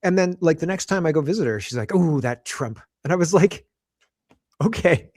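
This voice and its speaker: Casual co-host, man, fairly high voice, dry close sound, excitable and chatty. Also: quick pace, dry recording. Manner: animated, interrupts, laughs often. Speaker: podcast co-host. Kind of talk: casual political chat.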